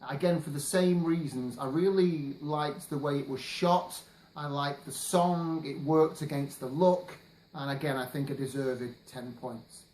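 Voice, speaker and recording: A man on a jury, explaining his votes in a measured, earnest way. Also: a little high, fairly even intonation, a little mellow, roomy sound, slight background noise, poor audio. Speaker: guest jury member. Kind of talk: recorded jury vote message.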